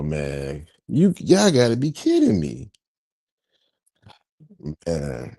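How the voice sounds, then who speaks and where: A man's voice: medium pitch, huge pitch swings, extremely slow, gravelly, pauses often, dark tone. A man hosting a casual TV reaction chat, groaning and drawing out his words in mock mourning. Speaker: reaction show host.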